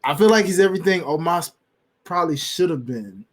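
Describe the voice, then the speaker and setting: A man's voice: on the high side, expressive, brisk. A man co-hosting a wrestling podcast, chatting casually with slang and acting out quotes in funny voices. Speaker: podcast co-host.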